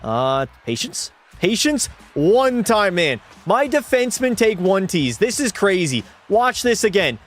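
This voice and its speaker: Brief: young male streamer, higher-pitched voice, excitable play-by-play with swearing, music underneath. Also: unhurried. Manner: excitable, swears, chats with viewers. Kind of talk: live gameplay commentary.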